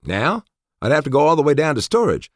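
Brief: man performing a whiny sleepyhead youth, raised high and loud, rushing his words. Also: sing-song, no echo, studio quality. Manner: groggy, whiny. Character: sleepy, childlike, always hungry young man.

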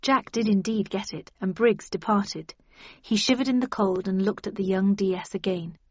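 A woman narrating an audiobook in a steady, wry storytelling manner. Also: medium pitch, moderate pace, husky, no room sound, dull audio.

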